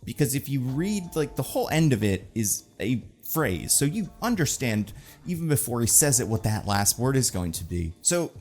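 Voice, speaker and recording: A man's voice: medium pitch, very animated, moderate pace, darkish tone, faint music behind. A man hosting casual, rambling movie commentary in a sarcastic, joking tone with lots of fillers. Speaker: film commentary host.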